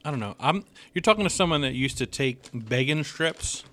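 A man's voice: on the high side, brisk, slight background noise. A man and father co-hosting a casual podcast, telling self-mocking stories while rating snacks. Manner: lively, self-mocking storyteller. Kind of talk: casual chat, snack review.

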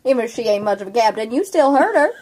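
A woman's voice: on the high side, expressive, fast, a little mellow. A young woman playing a tabletop role-play game, teasing the others and laughing often. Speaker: player.

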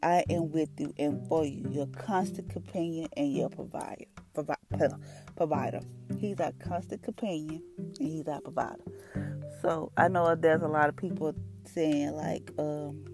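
A low-pitched woman talks through a devotional in a loose, earnest, conversational way. She fills her speech with everyday phrasing and fillers. Clear instrumental music plays underneath her voice. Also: moderate pace. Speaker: devotional podcast host. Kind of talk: casual devotional talk. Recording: music bed behind voice.

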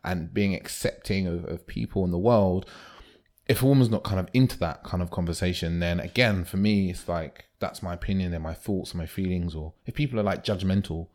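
A man's voice: deep voice, brisk. A man co-hosting a podcast, chatting casually and acting out quoted lines. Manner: animated, acts out quoted lines. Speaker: podcast co-host.

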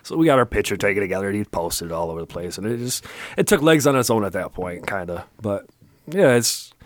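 A man, a podcast guest telling a story in casual chat, animated, acting out the quotes and laughing often. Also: on the low side, quick pace, no echo.

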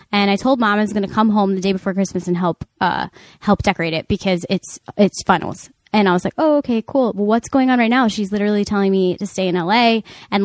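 Woman podcast host, casual storytelling, animated, filler-heavy, dry close sound. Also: mid-range voice, no room sound. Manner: animated, many fillers and restarts.

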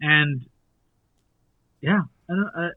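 A man's voice: a little high, slow pace, no echo. A man joining a casual podcast chat as a panelist, talking in an earnest, rambling way. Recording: dry, phone-like audio.

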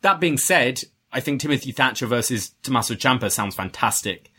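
Bright-voiced man giving eager opinions. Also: medium pitch, lively intonation, a little fast, husky. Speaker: podcast co-host. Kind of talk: casual opinion chat.

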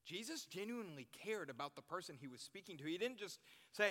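A man's voice: high-pitched, big pitch swings, brisk, sharp tone. A young man preaching to a youth group, earnest, repeating his key phrases for emphasis. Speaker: youth pastor. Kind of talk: sermon. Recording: long reverb in a hall.

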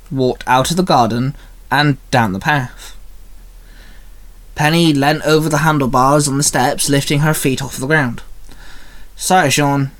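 A man reading a fan story aloud in a casual way, with small slips and restarts. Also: fairly high pitch.

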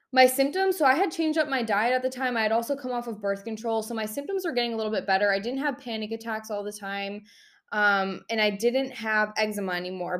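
A young adult woman telling a candid personal story in a chatty, frank way, full of fillers and the odd swear word. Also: fairly high pitch.

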